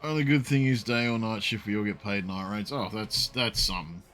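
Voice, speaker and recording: Deep-voiced laid-back man streaming a game. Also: brisk, fairly bright tone, soft background music. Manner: laid-back, swears freely. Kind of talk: casual chat while gaming.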